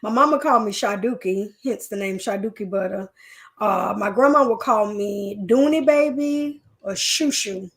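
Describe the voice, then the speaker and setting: A woman's voice: medium pitch, normal speed, fairly bright tone. A woman hosting a live stream in a chatty, folksy way, talking straight to her viewers. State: leg pain. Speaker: host. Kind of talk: casual live-stream chat.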